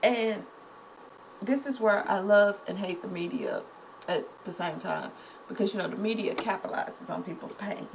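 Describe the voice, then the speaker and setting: An indignant young woman talks directly to her viewers, calling them y'all. Her voice has a gravelly edge. A faint hiss sits under the recording. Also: medium pitch, normal speed. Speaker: vlogger. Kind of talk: casual commentary to camera.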